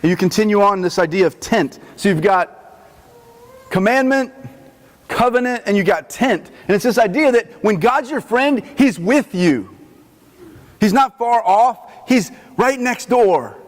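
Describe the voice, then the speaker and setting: A man preaching a sermon in a chapel in a conversational, animated teaching manner. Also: high voice, unhurried. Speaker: chaplain. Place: army post chapel. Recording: long reverb of a chapel.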